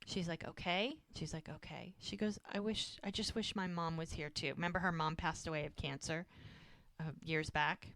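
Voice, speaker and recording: A woman's voice: deep voice, steady tone, normal speed, a bit bright, no echo. A woman co-hosting a rewatch podcast, eagerly retelling scenes and acting out the characters' lines in casual chat. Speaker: podcast co-host recapping a show.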